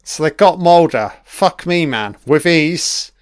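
A man's voice: on the high side, lively intonation, slow, clean tone, no room sound, studio quality. A man giving a casual commentary on a TV episode, chatty and swearing freely, laughing along as he watches.

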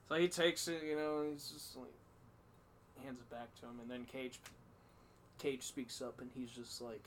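A man's voice: medium pitch, steady tone, normal speed, long pauses. A man hosts a podcast in an easygoing storytelling chat. His delivery rambles, is full of fillers and restarts, and is peppered with profanity. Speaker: podcast host.

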